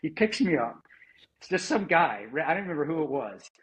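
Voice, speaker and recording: A man's voice: on the high side, very animated, fairly quick, a bit bright, husky, rough recording. A middle-aged American man, a former Army Ranger, telling his story in a plain-spoken way with many restarts and some swearing. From United States. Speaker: interview guest, former Army Ranger and security contractor. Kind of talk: candid conversational storytelling.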